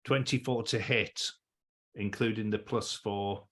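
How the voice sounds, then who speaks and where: A man's voice: lowish voice, fairly even intonation, unhurried, a bit bright. A man playing a tabletop game, explaining his turn step by step. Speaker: player.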